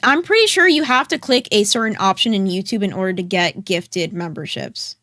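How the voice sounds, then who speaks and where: A woman's voice: mid-range voice, expressive, a little fast, pushed and bright, no echo. A woman hosts a casual live podcast, rambling through topics with plenty of fillers. She reads out and thanks viewers from the chat. Her voice sits in a middle register and sounds dry and close. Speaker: podcast host.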